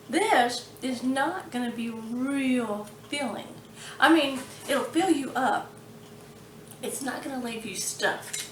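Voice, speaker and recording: A woman's voice: sits high, reverberant, slight background noise. A woman hosting a home cooking vlog, chatting in a homey, chatty way with frequent laughs. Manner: warm, chatty, slow and homey, laughs often. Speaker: cooking channel host. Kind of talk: casual cooking vlog chat. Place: home kitchen.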